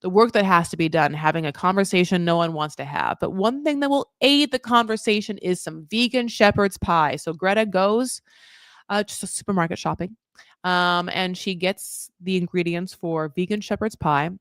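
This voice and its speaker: Chatty low-voiced woman recapping reality TV. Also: normal speed, no echo, studio quality. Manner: chatty, swears freely, acts out quotes. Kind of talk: casual recap commentary.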